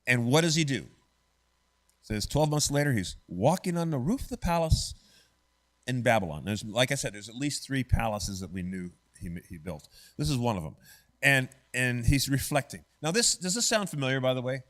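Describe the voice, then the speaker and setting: A man's voice: mid-range voice, animated, normal speed, fairly bright tone. A man teaching an adult church Bible study class in a church classroom, conversational and often quizzing the class with "right?".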